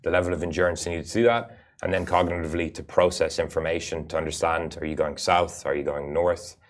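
A man's voice: sits low, steady tone, fast talker. A man, a rally racer and guest, giving earnest, explanatory interview answers with frequent "uh" fillers. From Ireland.

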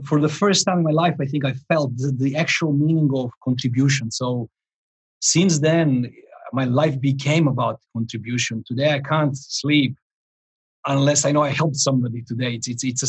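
A man in his forties, a life coach, telling a story in a podcast interview, animated and rambling, with frequent restarts and chuckles. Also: mid-range voice, normal speed, slightly rough, poor audio.

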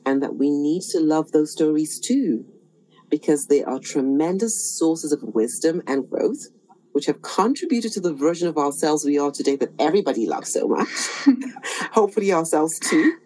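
Low-voiced woman hosting an interview. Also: expressive, normal speed, dark tone, poor audio. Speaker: podcast host. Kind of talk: reflective interview talk.

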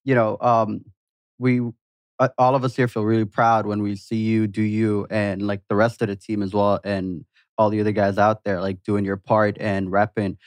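A man's voice: lowish voice, little pitch movement, moderate pace, no room sound, clean studio sound. A man hosting a podcast, speaking in casual slang and earnestly thanking his guest. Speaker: podcast host. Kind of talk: casual chat.

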